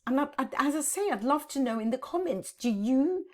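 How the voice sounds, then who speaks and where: A woman in her fifties talks to camera from her home office, halting and close to tears as she vlogs. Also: sits high, expressive. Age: 50s. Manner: halting, repeats words, tearful. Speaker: decluttering vlogger. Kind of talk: emotional vlog to camera.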